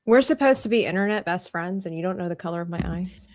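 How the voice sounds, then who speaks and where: A woman's voice: on the low side, expressive, fast talker, no room sound. A woman hosting a livestream coloring tutorial, a former art teacher who chats playfully and laughs often.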